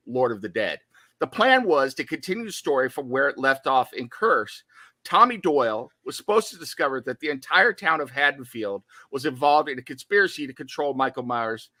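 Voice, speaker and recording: A man co-hosting a horror podcast in casual chat, animated and prone to playful digressions. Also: mid-range voice, no echo. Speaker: podcast co-host.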